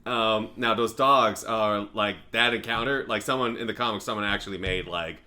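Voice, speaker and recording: Man, podcast co-host, bright tense voice, rambly, filler-heavy, laughing. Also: lowish voice, steady tone, moderate pace. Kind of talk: casual movie review chat.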